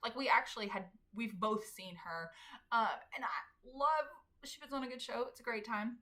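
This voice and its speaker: A woman co-hosting a podcast, telling a story in casual chat with lively, laughing delivery. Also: a little high, normal speed. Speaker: podcast co-host.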